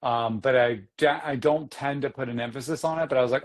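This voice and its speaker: A man's voice: mid-range voice, fairly quick. Easygoing self-deprecating man. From Boston area. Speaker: podcast co-host. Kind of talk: casual chat.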